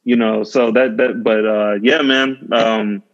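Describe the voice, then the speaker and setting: A man's voice: lowish voice, steady tone, slow pace. A male podcast host chatting casually about a movie, enthusiastic and often laughing, with plenty of fillers. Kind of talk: casual chat. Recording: dull lo-fi recording.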